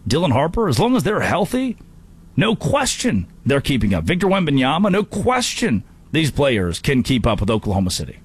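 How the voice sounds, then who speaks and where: A man hosting a sports talk show, delivering an animated, jokey monologue with quick impressions. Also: a little high, breathy edge.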